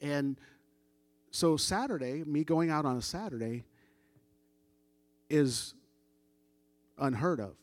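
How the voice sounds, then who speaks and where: A middle-aged man gives a church testimony in a relaxed, chatty storytelling voice that sits a bit higher than most men's. He acts out the voices in his story as he goes, and the sound is dry and close, with no room echo. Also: slow pace, pauses often. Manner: conversational, animated retelling with quoted dialogue. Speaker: church member giving testimony.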